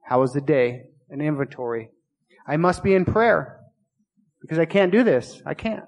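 Guy pastor preaching, earnest and kinda confessional, repeats himself a lot, slightly high voice, long echo in the church. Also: expressive, normal speed. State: recovering from illness. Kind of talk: sermon. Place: small church.

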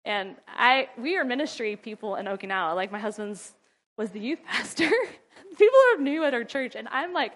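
A middle-aged woman talks through parenting advice in a loose, chatty way, breaking into laughter often. Her voice sits a little high, and she slips into a firm, scolding tone when she acts out what she tells her kids. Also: expressive, moderate pace, a bit bright. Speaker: mother and ministry wife giving parenting advice. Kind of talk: casual advice talk.

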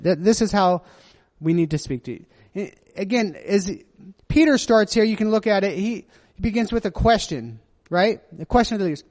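A man's voice: sits high, a little mellow. A man preaching a sermon, earnest and confessional, who often checks in with his listeners by asking "right?". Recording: long hall reverb.

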